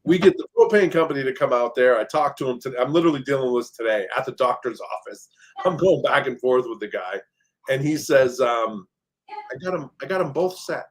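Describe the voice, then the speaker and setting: A man's voice: medium pitch, fairly quick. A man in casual podcast chat about managing rental properties, telling stories and acting out quoted exchanges with lots of fillers. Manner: storytelling, acts out quoted exchanges, many fillers.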